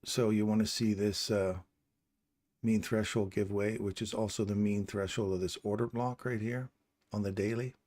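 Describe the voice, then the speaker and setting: A fairly low-voiced middle-aged man from England gives relaxed, loose commentary while trading live. He thinks aloud as he walks through the chart and chats and jokes with his viewers between setups. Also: normal speed. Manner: chatty and joking with viewers. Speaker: livestream trader and channel host.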